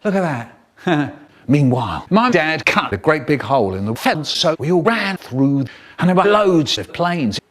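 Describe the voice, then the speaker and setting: An older man telling a story in a spliced reading, animated and bursting into sound effects. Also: on the high side, measured pace.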